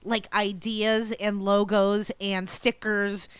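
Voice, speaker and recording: A woman's voice: mid-range voice, flat delivery, slow pace, smooth, dry recording. A woman co-hosting a podcast, chatting casually in a playful, giggly, teasing way. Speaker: podcast co-host. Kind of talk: casual chat.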